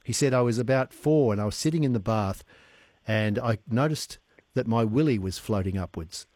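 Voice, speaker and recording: A man's voice: mid-range voice, normal speed, darkish tone, no echo. A middle-aged man, hosting a radio chat and laughing at his own stories. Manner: chatty, cackles at his own story. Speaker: radio host.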